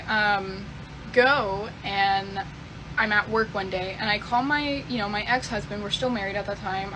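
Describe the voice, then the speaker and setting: A woman's voice: on the high side, background noise. A young woman casually telling a confessional story, rambling and swearing a lot. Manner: profane, rambling, fillers like "type beat". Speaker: storyteller in a clip.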